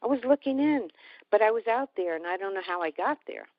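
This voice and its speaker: A woman telling a heartfelt personal story in a halting way, often restarting her sentences. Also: medium pitch, lively intonation, dry recording. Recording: dull, slightly lo-fi recording.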